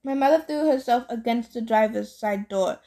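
A woman reading a novel aloud in a plain, steady storytelling manner. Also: on the high side, moderate pace, vocal fry. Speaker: audiobook reader.

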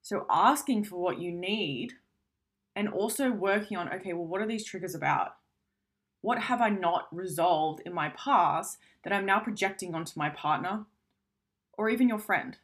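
A woman's voice: fairly low pitch, moderate pace, fairly bright tone. A woman giving a casual self-help talk, speaking frankly and conversationally, swearing now and then.

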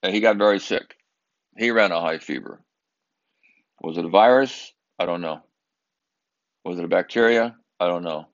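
Deep gravelly older man telling a story. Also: dull audio. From Southern California. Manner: earnest, emphatic, with halting repetitions. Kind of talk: personal storytelling.

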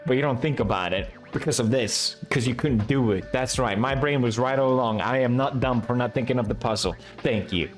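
A man's voice: medium pitch, brisk, few pauses, soft background music. A young man from Sweden, giving casual, sarcastic and profane reaction commentary as a video host.

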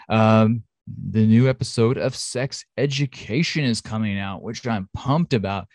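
A man's voice: fairly low pitch, unhurried, a little mellow, no echo, studio quality. A man co-hosting a podcast in casual chat, talking in a chatty, enthusiastic way with lots of fillers. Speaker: podcast co-host. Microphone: home studio mic.

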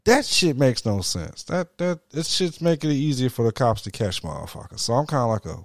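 A man's voice: medium pitch, big pitch swings, fairly quick, few pauses, no echo, studio quality. A middle-aged man in casual, profane chat, telling stories animatedly and slipping into quoted voices.

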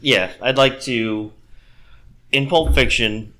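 A man co-hosting a casual podcast, rambling through retellings of movie scenes and often clearing his throat. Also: mid-range voice, slow pace, bright, forceful tone. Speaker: podcast co-host. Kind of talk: casual film chat.

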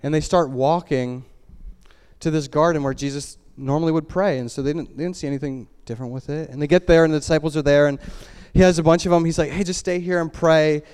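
Smooth-voiced male preacher, casual retelling. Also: steady tone, quick pace, big-room sound. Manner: casual, conversational retelling full of "like" and restarts; lets the voice drop low and quiet for solemn moments. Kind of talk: storytelling sermon.

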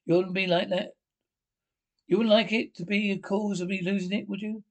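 A pompous career sergeant major full of bellowing indignation. His voice sits high for a man, and he talks in the brisk, blustering way of the parade ground. The scene comes from a 1970s British film comedy. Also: flat delivery. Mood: pleading. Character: blustering veteran male army sergeant major.

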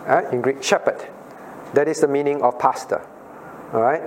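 A man's voice: medium pitch, steady tone, moderate pace, slight background noise. A man, a pastor, teaching a Bible study class. He questions listeners by name and repeats his key phrases.

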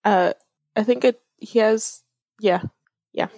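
A woman's voice: medium pitch, takes it slowly, dry recording. Teen girl on a voice call, laid back and teasing, dry sound. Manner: relaxed, teasing, laughs often. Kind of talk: casual chat.

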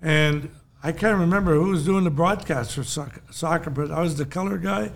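A man's voice: fairly high pitch, moderate pace, creaky, slight background noise. An older man, a podcast co-host, telling long rambling anecdotes in casual chat and chuckling often.

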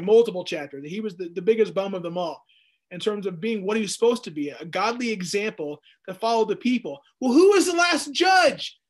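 A man in his thirties teaching verse by verse through scripture in a jokey, animated way, acting out the quotes. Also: sits high. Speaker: Bible teacher.

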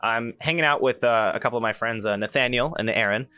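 A man's voice: medium pitch, fast talker, clean tone, no room sound, faint music behind. A young man hosting a podcast, telling a story in casual chat with many fillers and restarts. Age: young adult. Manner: animated, many restarts and fillers, acts out quoted voices. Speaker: podcast host.

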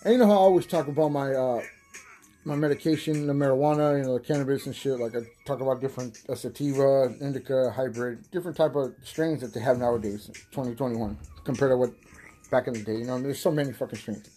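A young man hosting a casual stoner podcast, high, rambling and profane, laughing often. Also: fast talker, mellow, soft background music. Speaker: podcast host.

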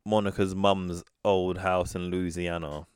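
A man's voice: low-pitched, level tone, measured pace, clean tone, no room sound. A man co-hosting a podcast, recapping a film in casual chat and acting out the characters' lines. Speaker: podcast co-host.

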